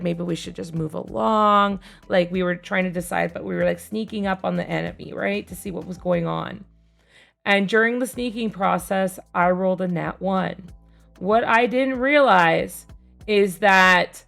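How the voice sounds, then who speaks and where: A young woman streamer casually telling a tabletop game story, rambling with fillers and casual swearing, growing more animated as it goes. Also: medium pitch, normal speed, creaky, soft background music. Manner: gets louder and more animated as the story builds.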